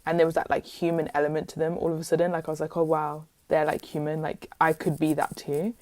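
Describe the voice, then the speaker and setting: A British woman telling stories as a guest in a casual interview, lively and chatty, with lots of "like". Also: deep voice, fast talker, no echo. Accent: British English. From England. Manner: lively, chatty, heavy use of "like". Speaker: guest musician.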